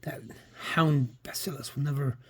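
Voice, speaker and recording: A man with a husky voice reading the part of a cocky, gloating male criminal on the run in a comic, with small stumbles. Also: fairly high pitch, fairly even intonation, moderate pace, a bit bright. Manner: plain read-aloud delivery with stumbles.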